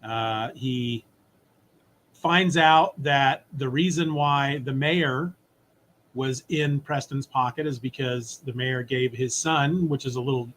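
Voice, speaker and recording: Over slight background noise, a male co-host with a mid-range voice tells a comic story on a podcast, and his relaxed, animated retelling includes brief impressions of the characters in quick asides.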